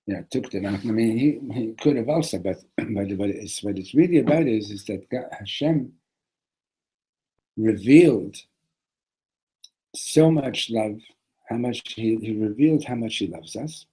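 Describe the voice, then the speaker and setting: A man teaching a classroom lesson on a religious text, animated, often restarting and repeating words. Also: fairly low pitch, a little slow, husky, low-quality recording.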